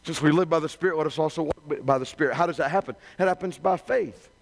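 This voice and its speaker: A male preacher with a fairly high voice delivering a revival sermon. He talks in a loose, humorous, conversational way and often repeats himself as he builds up his stories. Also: fast, creaky. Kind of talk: sermon with folksy storytelling.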